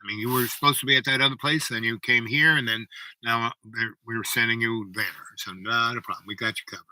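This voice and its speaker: A man's voice: mid-range voice, steady tone, quick pace, pushed and bright, no echo, rough recording. A man voicing an old university president in a story, matter-of-fact and reassuring, close to his own voice. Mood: amazed.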